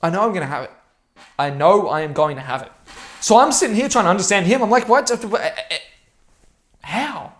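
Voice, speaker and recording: Young man, slightly high voice, profane, intense, rambling monologue. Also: animated, quick pace, a bit bright. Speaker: vlogger. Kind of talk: casual monologue to camera.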